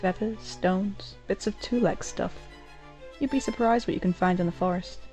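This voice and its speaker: A woman voicing a wise warrior cat who gently lectures, speaking in a soft, instructive and moralizing way. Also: mid-range voice, moderate pace, faint music behind, natural voice.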